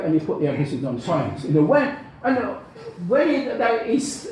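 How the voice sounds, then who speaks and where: A man's voice: high voice, darkish tone. A man giving a spoken lecture in a rambling way, repeating words and often checking in with "okay?". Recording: very echoey room.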